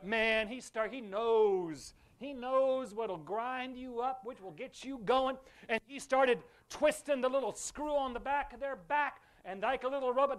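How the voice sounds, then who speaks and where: A man's voice: extremely high pitch, measured pace, hardly any pauses. A man pastor preaching a fervent sermon in a church, calling on the congregation to repeat after him. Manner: fervent preaching with call-and-response. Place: church sanctuary.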